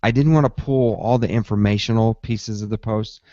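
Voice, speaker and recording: A man's voice: lowish voice, moderate pace, no echo. Man telling a tech story on a podcast. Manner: animated storytelling, acts out his own reactions. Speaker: podcast host. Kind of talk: casual tech podcast chat. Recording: dull, slightly lo-fi dry sound.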